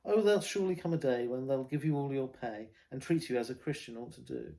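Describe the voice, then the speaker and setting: Englishman putting on a rough London soldier. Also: medium pitch, fast, close to an everyday voice. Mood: earnest. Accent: put-on vaguely London working-class. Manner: loud declaiming ballad recitation. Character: working-class London soldier, man, rough.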